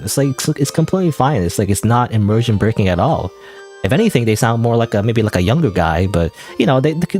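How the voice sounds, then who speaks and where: A man with a naturally deep voice rambling self-deprecatingly through casual gaming commentary. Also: darkish tone. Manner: rambling, self-deprecating, lots of fillers and laughs. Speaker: gaming streamer. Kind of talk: casual let's-play commentary.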